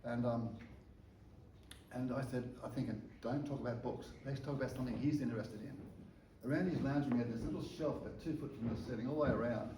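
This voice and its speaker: A man tells his testimony as a sermon, caught up in the tale and tripping over his words as he goes. His voice is soft and warm. He sounds set back from the mic in a reverberant room, with a faint hum of ambience behind him. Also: mid-range voice, fairly quick, far from the mic. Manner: animated storyteller who stumbles and repeats words. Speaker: preacher sharing a testimony. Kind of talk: storytelling sermon.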